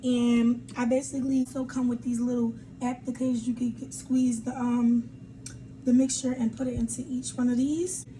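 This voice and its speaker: A young woman talks straight to her viewers in a chatty, rambling way, laughing between thoughts. Her voice is mellow and fairly high, though her pitch stays flat. Faint room noise sits behind her. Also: normal speed. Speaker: beauty vlogger. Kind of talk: casual chat and product demo.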